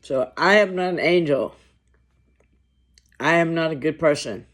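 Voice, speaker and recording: Man, fairly high voice, unhurried and reflective, casual lunch vlog. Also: a bit bright. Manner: slow, reflective, halting, with long pauses. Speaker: vlogger. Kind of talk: casual talk to camera while eating lunch.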